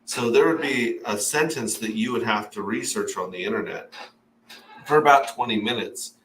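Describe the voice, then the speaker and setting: A man's voice: lowish voice, normal speed, fairly bright tone, a little hiss or hum. A man hosting a casual livestream, rambling and reading viewer comments aloud. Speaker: livestream host. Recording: echoey room, mic at a distance.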